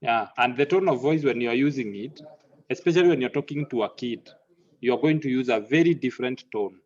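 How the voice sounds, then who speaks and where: A man teaches an online class at a middling pitch. He halts, repeats words and drops into Swahili now and then. The audio is muffled and lo-fi. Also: brisk, a little mellow. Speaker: lecturer.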